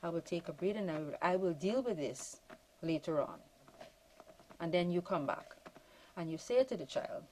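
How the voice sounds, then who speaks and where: A woman calmly explaining parenting points on a panel. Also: lowish voice, normal speed, slight background noise, poor audio. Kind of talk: panel discussion.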